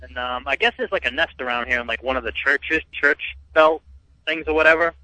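A man's voice: medium pitch, fairly quick, sharp tone, no echo, rough recording. A man calling into a sports radio show, telling a rambling story full of ums and likes. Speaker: caller. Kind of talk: casual phone-in chat.

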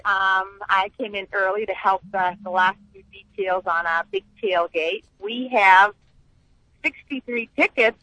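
A woman phones in to a sports talk show, chatting cheerfully and easily. Her voice is bright and forward. The sound is dry and close. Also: mid-range voice, measured pace, no echo, poor audio. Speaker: caller, fan club organizer. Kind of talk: casual phone-in chat.

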